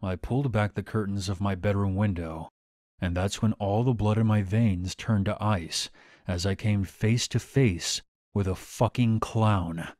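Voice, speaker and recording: A man narrating a scripted horror story in a steady, measured way. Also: on the low side, no room sound, studio quality.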